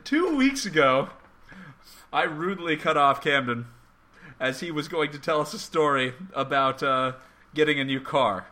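Lively bright-voiced young man hosting. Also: a little high, moderate pace. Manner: joking, self-mocking, stuttering at times. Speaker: podcast host. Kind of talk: casual comedic podcast chat.

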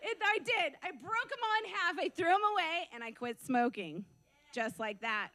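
A woman preaching a testimony, telling it as an animated story, laughing often and acting out the dialogue. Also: high-pitched, normal speed. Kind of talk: sermon testimony.

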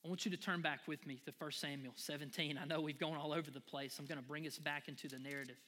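Bright-voiced preacher in a big hall. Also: male voice, a little high, quick pace. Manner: animated preaching, builds to near shouting then drops to quiet; conversational asides with fillers like right and y'all. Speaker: pastor. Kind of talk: sermon. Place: church sanctuary.

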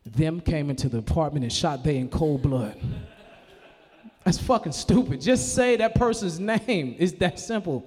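A man doing a stand-up comedy set, profane and animated, now and then shouting in character voices. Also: sits high, measured pace, breathy edge, big-room sound. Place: live comedy venue.

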